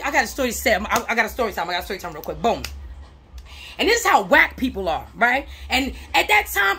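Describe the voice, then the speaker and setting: A woman giving blunt relationship advice in a casual vlog monologue, animated and slangy, repeating herself for emphasis. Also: high voice. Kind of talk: casual straight-talking monologue.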